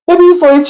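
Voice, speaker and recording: A man's voice: extremely high pitch, darkish tone, poor audio. A man telling a story on a casual live stream, laughing constantly as he talks and rambling with a lot of "like" between words. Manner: laughs constantly while talking; rambling, heavy use of "like".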